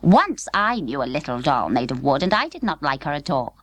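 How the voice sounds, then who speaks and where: A woman's voice: low-pitched, big pitch swings, brisk, no room sound. A woman voicing a proud, haughty doll, cold and superior in manner.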